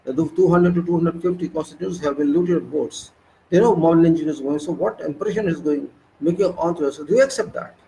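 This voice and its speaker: Indignant Indian man, gravelly voice. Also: a little high, a little fast, warm tone, a little hiss or hum, poor audio. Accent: Indian English. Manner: indignant, lecturing, repeats and restarts words. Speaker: political commentator. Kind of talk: monologue commentary.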